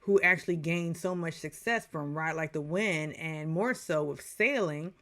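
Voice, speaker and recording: A woman's voice: low-pitched, a little slow, fairly bright tone, soft background music. A woman in her forties giving a casual, chatty movie review, full of digressions and playful asides.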